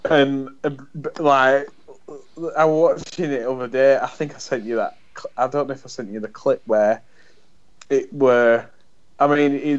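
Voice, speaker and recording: A man, co-hosting a podcast in rambling, sweary casual chat full of restarts. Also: medium pitch. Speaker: podcast co-host. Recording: dull lo-fi sound.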